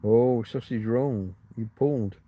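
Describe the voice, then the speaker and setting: A man's voice: mid-range voice, a little slow, mellow. A man hosting a casual livestream, rambling through stories and answering viewer comments. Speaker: livestream host.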